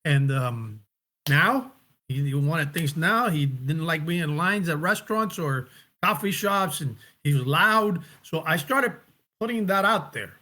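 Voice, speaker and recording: A man being interviewed about his acting work, talking in a reflective, casual way and often pausing to find his words. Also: fairly high pitch, expressive, bright, forceful tone. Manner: reflective, searching for words, restarts. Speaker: actor and director, guest.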